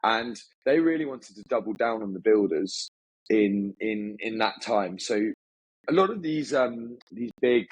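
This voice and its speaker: As an interview guest, this agency founder talks in a slightly rough, lowish voice with an animated delivery. He's upbeat and chatty in this casual conversation, firing off quick bursts and frequently starting his sentences over. The audio is dry and poor in quality.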